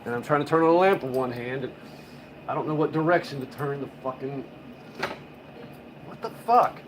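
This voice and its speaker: A man's voice: mid-range voice, lively intonation, normal speed, reverberant, noisy background. A man live-streaming his home beer brewing, chatting casually, rambling and swearing as he works in his kitchen. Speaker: homebrewing streamer.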